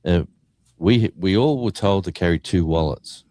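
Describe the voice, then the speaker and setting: Unhurried and deep-voiced, an Australian man appearing as a guest musician recounts a story in a casual chat, animatedly performing the quotes. The recording is dry.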